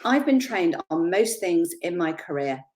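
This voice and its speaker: Chatty middle-aged woman giving a talk. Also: on the low side. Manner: chatty, animated, quick to laugh at herself. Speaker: confidence speaker. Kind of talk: motivational talk.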